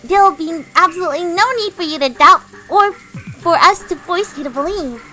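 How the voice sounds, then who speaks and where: A woman doing a high, eerie little girl. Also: moderate pace, faint music behind, rough recording. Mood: eerie calm. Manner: calm, insistent, unsettling. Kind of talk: voice acting while reading a visual novel.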